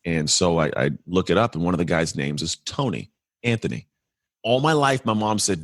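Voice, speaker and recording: Husky deep-voiced man telling his story. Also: lively intonation, no room sound, studio quality. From California. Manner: earnest, reflective, fast-flowing with restarts. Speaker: podcast guest. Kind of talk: candid storytelling interview.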